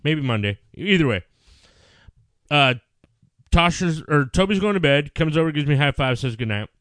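A man's voice: on the high side, normal speed, no echo. A middle-aged man, a podcast co-host, telling stories in casual chat with lots of swearing. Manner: profane, animated storyteller.

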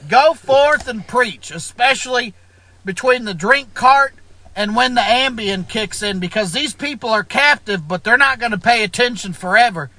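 Guy doing a squeaky preachy bible man, super bright and piercing. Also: animated, normal speed, dry recording, heavily acted, low-quality recording. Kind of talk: stand-up character bit.

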